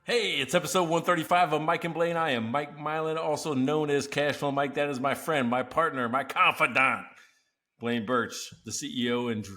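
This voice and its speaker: Laughing, animated male podcast host. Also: a little high, normal speed. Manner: animated storyteller, laughs often. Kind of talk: casual chat.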